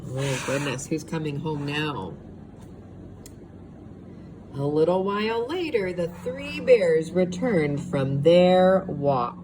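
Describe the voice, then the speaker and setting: A woman teacher reading a storybook aloud to young children, expressive and pausing to ask them questions. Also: low voice. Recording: steady background hiss.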